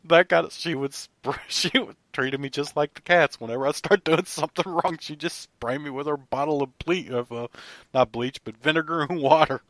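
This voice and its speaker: A man co-hosting a podcast, chatting casually and telling animated stories with frequent laughter. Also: medium pitch, a little fast, no room sound. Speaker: podcast co-host and producer.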